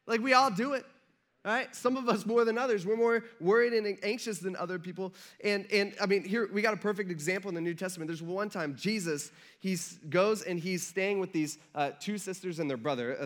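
A man's voice: sits high, a bit bright. A man giving a casual, conversational sermon as a pastor, often checking in with his listeners. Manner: conversational, jokey, checks in with the audience.

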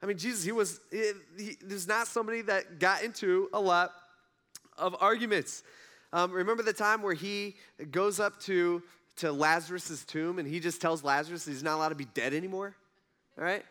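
High, bright-voiced man preaching casually. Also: moderate pace. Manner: animated, conversational retelling with acted-out quotes. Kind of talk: casual storytelling sermon.

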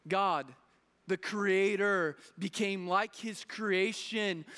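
A man's voice: very high-pitched, fairly bright tone. A man in his thirties preaching a sermon as pastor, earnest and building in intensity, with frequent restarts. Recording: long reverb of a large hall.

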